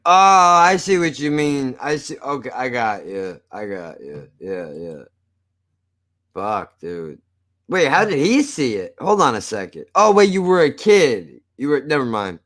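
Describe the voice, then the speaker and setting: A man's voice: medium pitch, sing-song, a little slow, a bit bright. A man chatting casually on a live stream. He jokes, swears a lot and laughs often. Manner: profane, joking, laughs often.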